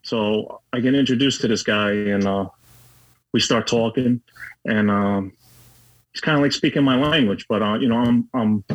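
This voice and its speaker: A man's voice: medium pitch, normal speed, lo-fi sound. A middle-aged man telling his own story candidly, blunt and profane, with lots of fillers. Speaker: guest.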